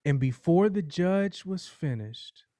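A man preaching a sermon, telling a courtroom parable in a slow, dramatic storytelling manner. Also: fairly high pitch, expressive, warm tone, dry recording.

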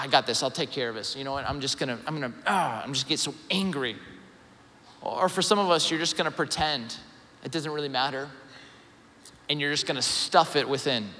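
A man preaching an animated sermon as a pastor, dropping into lower voices to act out the people he quotes. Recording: live sermon in a reverberant hall.

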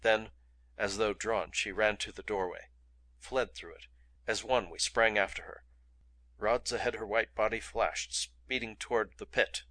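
Guy reading an adventure book aloud, dramatic, kinda tense bright voice. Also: fairly low pitch, steady tone, measured pace. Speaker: audiobook reader. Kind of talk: audiobook narration.

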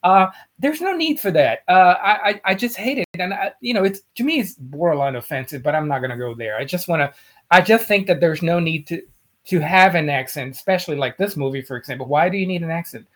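A man co-hosting a casual chat, passionate, with frequent restarts and halting phrases. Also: a little high, animated, a bit bright. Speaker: podcast co-host.

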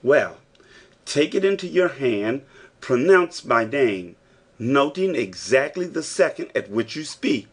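A man's voice: mid-range voice, very animated, slow pace, slightly rough, full character voice. A man reading an older male professor who gives firm, encouraging instructions, as an audiobook character. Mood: instructing.

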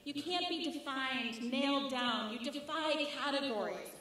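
A woman rabbi giving a rhythmic, expressive sermon with wry humor, in a large synagogue sanctuary. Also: high voice, measured pace, a little hiss or hum. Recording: echoey sanctuary, mic at a distance.

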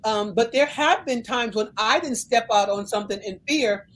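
A middle-aged woman minister from the United States telling a personal faith story in conversation, animated and emphatic. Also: on the high side, normal speed, slight background noise, rough recording. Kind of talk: conversational testimony.

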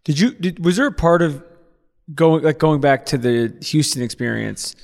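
A man's voice: fairly high pitch, lively intonation, moderate pace, vocal fry, long reverb tail. A man asking the guest long, winding questions in a casual podcast chat.

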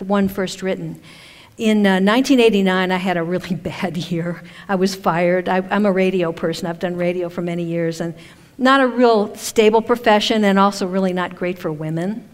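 An older woman from Maine talking casually to a live audience from a stage, chatty and self-deprecating, laughing often. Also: medium pitch. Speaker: speaker at a spiritual event. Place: stage in a large hall. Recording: echoey hall with long reverb.

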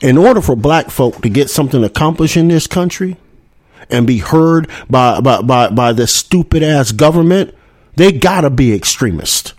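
A man's voice: medium pitch, expressive, moderate pace, a little mellow, no room sound, clean studio sound. A man hosting a political talk show, delivering a heated monologue full of profanity and rhetorical "hmm?" asides. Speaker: podcast host.

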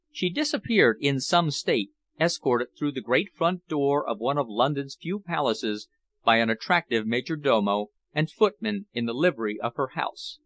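A man narrating a novel in a measured, even reading voice. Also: medium pitch, no echo. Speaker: audiobook reader. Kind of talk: scripted narration.

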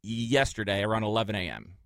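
A man in his thirties from Minnesota co-hosting a podcast in casual chat, telling stories with lively jumps in pitch when he quotes people. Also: fairly quick, clear, resonant tone, no room sound, studio quality. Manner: animated storyteller, jumps high when quoting people. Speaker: podcast co-host.

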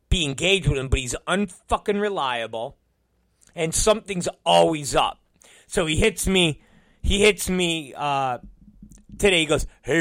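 A man's voice: fairly high pitch, dry recording, clean studio sound. A middle-aged man hosting a podcast, telling an exasperated story in a profane, casual rant. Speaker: podcast host and wrestling promoter.

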